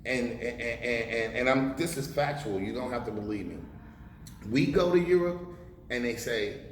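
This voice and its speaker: A man's voice: mid-range voice, normal speed. A man in his forties, a rapper being interviewed, talking bluntly and emphatically with a lot of swearing. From United States. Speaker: rapper guest. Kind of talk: casual interview talk. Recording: echoey room with long reverb and faint hiss.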